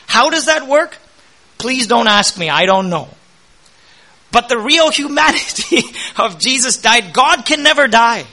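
A man's voice: extremely high pitch, expressive, measured pace, bright, forceful tone. A man preaching a sermon as pastor, passionate and rising to emphatic peaks.

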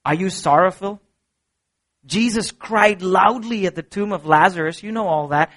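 Earnest and emphatic, a middle-aged man preaches as pastor at a normal speed. His sermon alternates between soft low moments and ringing climaxes.

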